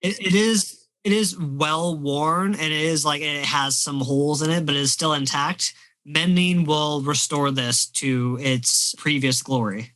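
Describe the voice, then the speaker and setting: A man with a bright, forceful voice sits in the game master's seat. He narrates the scene in a relaxed, descriptive way. His voice sits a touch high for a man. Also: a little slow, rough recording.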